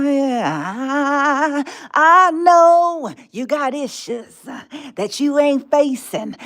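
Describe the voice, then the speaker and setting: A high-voiced woman broadcasts live, taking on the role of a tempter and mocking in a drawl punctuated by laughter and whispered asides.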